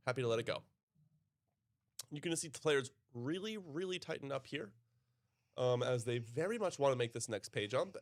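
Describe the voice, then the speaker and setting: A man from New York with an American accent, commentating live poker in a laid-back, easily amused way. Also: mid-range voice. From New York City.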